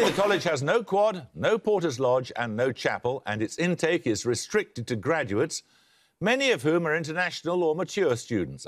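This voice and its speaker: A man hosting a televised quiz show, reading questions and introductions in a crisp, precise manner with dry wit. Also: medium pitch. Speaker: quizmaster.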